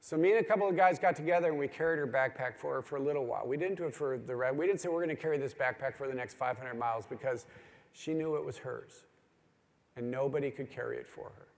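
A man's voice: mid-range voice, fast talker, gravelly. A middle-aged man preaching to a gathering of men, telling stories with earnest emphasis. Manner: earnest storytelling with rising, pleading emphasis. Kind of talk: sermon to a men's gathering. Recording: long hall reverb.

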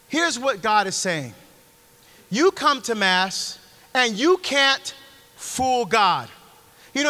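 A man's voice: high voice, sharp tone. A middle-aged man preaching a conversational, emphatic Catholic sermon, speaking directly to his listeners in a church. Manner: emphatic, direct, talks straight to the audience. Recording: long hall reverb.

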